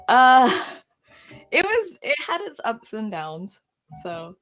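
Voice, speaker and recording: Female guest from the UK, slightly high voice, shy and halting, soft music underneath. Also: huge pitch swings. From United Kingdom. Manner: hesitant, laughs it off. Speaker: program manager guest. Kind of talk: casual chat, then interview.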